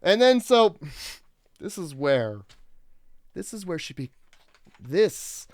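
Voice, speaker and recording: A man co-hosting a casual movie-review podcast, recapping the plot in a laid-back, deadpan way. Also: high voice, takes it slowly, no room sound. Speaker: podcast co-host.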